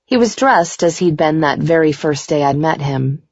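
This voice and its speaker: A woman narrating a first-person romance audiobook in a steady, unhurried reading voice. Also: low voice, no echo. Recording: dry, dull muffled recording.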